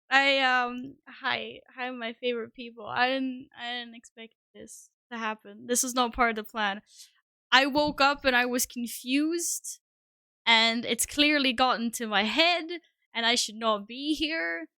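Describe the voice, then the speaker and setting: A woman streaming live, talking in an unhurried, scattered way, cursing and laughing at herself. Her voice sits a little high with a bright, forward tone. The sound is dry and close, with no room around it. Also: steady tone, clear, resonant tone, dry recording. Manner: scattered, self-deprecating, swears often. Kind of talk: casual live-stream chat.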